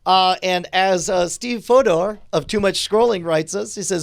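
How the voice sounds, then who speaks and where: Male co-host, high voice, lively casual banter. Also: a little slow, gravelly, hardly any pauses. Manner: animated, acts out mock quotes. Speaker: podcast co-host. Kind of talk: casual chat.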